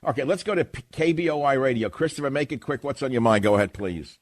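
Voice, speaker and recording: A man's voice: medium pitch, expressive, quick pace, dry recording. A man hosting a radio talk show, ranting sardonically in a monologue.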